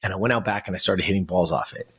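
A coach and former athlete in his fifties from Southern California tells an emotional personal story, his low, fairly bright voice breathy at the edges and his words coming rapid-fire. He speaks earnestly and directly to the listener, repeating phrases for emphasis.

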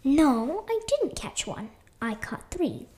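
Woman reading as a curt, scolding villain mom with lively pitch. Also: slow pace, heavily acted. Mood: stern. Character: stern mother, a villainous captor.

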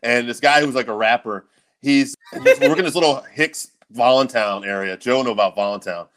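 A man's voice: mid-range voice, a little fast, fairly bright tone. A man in his forties, co-hosting a podcast and telling stories in an easygoing, chuckling way. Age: 40s. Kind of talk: casual podcast chat.

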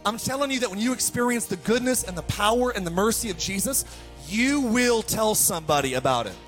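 A man preaching a fired-up sermon to his church, swinging from hushed passages to shouted ones. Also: high-pitched, lively intonation, a little fast, faint music behind. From United States. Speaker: pastor.

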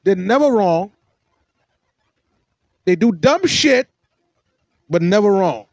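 A man's voice: lively intonation, slow, a little mellow, no room sound, dull audio. A man hosting a podcast, giving mocking, sarcastic reaction commentary on a clip. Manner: mocking, sarcastic, swings between shrill and low.

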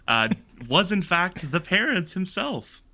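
Bright-voiced chatty podcast host. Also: male voice, sits high, sing-song, slow. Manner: chatty, laughs easily. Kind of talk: casual chat.

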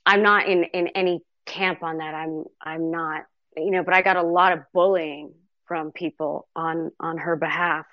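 A woman answering as a guest in a live online audio chat, halting, with many restarts. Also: lowish voice, dry recording, lo-fi sound.

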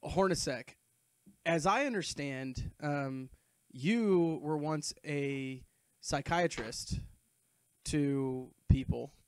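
A man's voice: on the high side, drawn-out words, clear, resonant tone, dry recording. A man in his thirties hosting a casual movie commentary podcast, playful and self-mocking in his banter. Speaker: podcast host.

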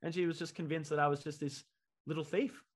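Man, comedian guest, podcast storytelling, quick delivery, higher voice, animated. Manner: animated, acts out quoted voices.

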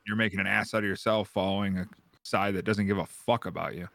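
A young man co-hosting a podcast, talking bluntly and swearing in an easygoing way. His voice sits somewhat low, and the recording is close and dry. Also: steady tone, fast, vocal fry, fairly bright tone, dry recording. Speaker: podcast co-host. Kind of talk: casual chat.

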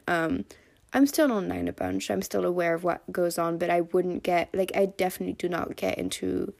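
Creaky-voiced chatty young woman podcaster. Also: fairly low pitch. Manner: chatty, filler-heavy, animated quoting of others. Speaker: podcast host. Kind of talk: casual solo podcast monologue.

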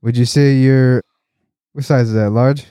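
A man's voice: medium pitch, fairly even intonation, unhurried, mellow, clean tone, dry recording, studio quality. A man hosting a casual podcast chat, rambling and swearing a lot, laughing often and getting worked up when he complains. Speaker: podcast host.

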